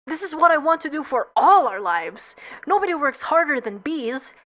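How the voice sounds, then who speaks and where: A woman's voice: high voice, very animated, moderate pace, a bit bright. A woman voicing an earnest, indignant young male bee hero.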